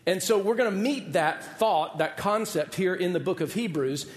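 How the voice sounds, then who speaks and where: A man in his forties preaches from the pulpit, telling a story with a humorous, self-deprecating touch. His voice sits a little high for a man. The sound rings through a large hall with long reverb. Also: lively intonation, normal speed. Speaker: pastor. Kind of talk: sermon with a personal story.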